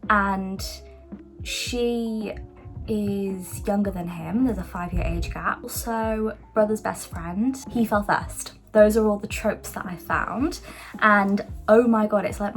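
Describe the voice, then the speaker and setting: Chatty young woman gushing about books. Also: mid-range voice. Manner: gushing, chatty, many fillers. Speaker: book vlogger. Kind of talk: casual book review vlog. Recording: soft background music.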